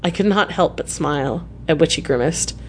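Low-voiced woman reading a classic novel. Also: lively intonation, normal speed, slight background noise. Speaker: audiobook reader. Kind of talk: scripted narration of a classic novel.

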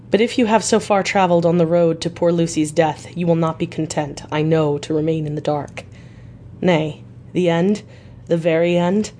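A woman's voice: low-pitched, mellow, slight background noise, lightly acted. A woman reading a grave, reluctant doctor. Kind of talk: audiobook reading.

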